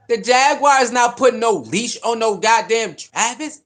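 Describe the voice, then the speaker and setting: A man's voice: very high-pitched, a little slow, hardly any pauses. A man giving a heated, repetitive casual rant about a football team's quarterback choices. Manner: animated, repetitive, preachy. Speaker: sports commentator.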